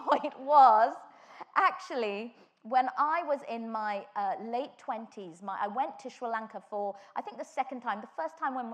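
A woman preaching a sermon, telling stories with animation and building to fervent emphasis. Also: sits high. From England.

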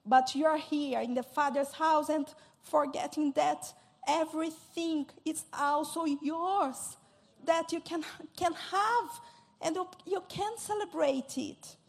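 A woman preaching a sermon in a halting, earnest way, often repeating and restarting her words. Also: high-pitched, fairly even intonation, vocal fry.

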